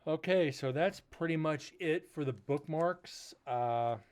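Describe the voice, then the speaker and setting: A man hosting a paranormal livestream, chatting casually and rambling a little, with a loud voice that he says carries far. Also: on the high side, slow, clean tone. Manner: rambling, laid-back talk with fillers. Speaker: paranormal investigator host.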